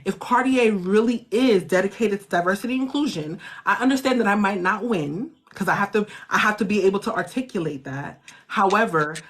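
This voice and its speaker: A woman host giving animated, slangy motivational coaching in a casual chat. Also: mid-range voice, a little fast, few pauses, slightly rough.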